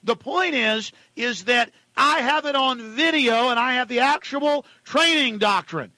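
A male radio talk show host ranting at callers, dropping to a low mutter and then shouting. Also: a little slow, no echo.

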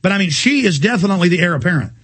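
Husky fervent male talk radio host. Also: high-pitched, expressive, fairly bright tone. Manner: fast, fervent, emphatic rants. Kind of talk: political talk radio interview.

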